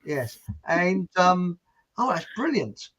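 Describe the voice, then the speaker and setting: A man's voice: high-pitched, very animated, slow pace, a bit bright. A man from England, hosting a podcast and telling a story in a rambling, jokey way full of asides. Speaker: podcast host. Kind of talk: casual storytelling chat.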